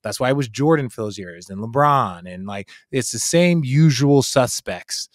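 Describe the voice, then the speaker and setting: A man's voice: medium pitch, lively intonation, moderate pace, no echo, clean studio sound. A man in his forties, a guest analyst in a casual podcast chat, talking emphatically and swearing freely.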